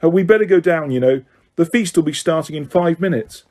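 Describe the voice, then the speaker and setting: A man's voice: a little high, lively intonation, brisk, a little mellow, lightly acted. A man reading an audiobook, voicing an anxious, earnest girl in a raised, fretful voice.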